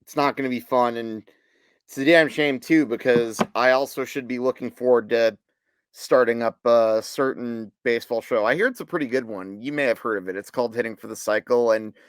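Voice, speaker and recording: A man's voice: mid-range voice, fairly even intonation, fairly quick, clear, resonant tone, no echo. A man co-hosting a sports podcast, chatting casually with dry, sarcastic asides. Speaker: podcast co-host.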